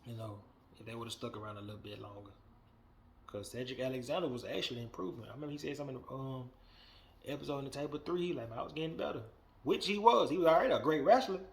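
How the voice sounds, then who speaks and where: A man hosting a wrestling podcast, giving a blunt, profane, animated opinion rant that swings between muttering and loud outbursts. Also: medium pitch, racing, gravelly, a little hiss or hum.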